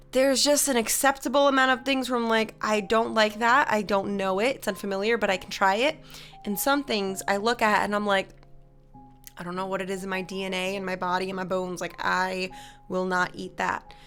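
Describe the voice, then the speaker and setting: A woman's voice: medium pitch, a bit bright. A young woman streamer casually chatting with her viewers, telling stories with frequent laughter and reading chat aloud. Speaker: live streamer and musician.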